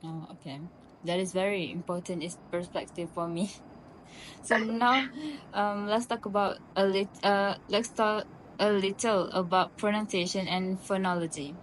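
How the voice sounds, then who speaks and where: A woman's voice: medium pitch, fairly even intonation, measured pace, slight background noise, poor audio. A woman interviewer who politely asks structured questions.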